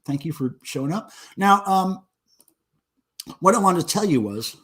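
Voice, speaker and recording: Rowdy, lively-voiced man joking with chat. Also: sits high, measured pace, slightly rough. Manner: rowdy and crude, laughing often, joking with chat viewers. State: drinking beer, belching. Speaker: livestream host. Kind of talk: casual livestream chat reading viewer comments.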